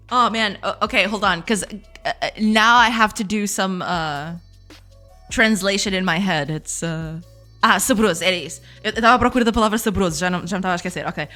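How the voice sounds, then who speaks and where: Woman streamer, chatty, laughs a lot, pitch jumps all over, faint music behind. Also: expressive, moderate pace, pushed and bright. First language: Portuguese. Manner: laughs often, chats with viewers. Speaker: game dev streamer. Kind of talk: casual live-stream chat.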